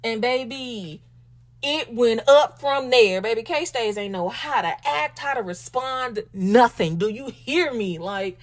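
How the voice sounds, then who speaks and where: A woman with a Southern US accent hosting a casual commentary talk show, sassy and animated, calling her listeners baby and y'all. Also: on the high side, takes it slowly. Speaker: podcast host.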